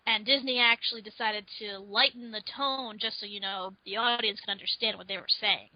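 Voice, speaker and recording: A young woman co-hosting a casual film discussion, making measured points with fillers. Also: mid-range voice, steady tone, no echo. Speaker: podcast co-host. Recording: dry, dull lo-fi audio.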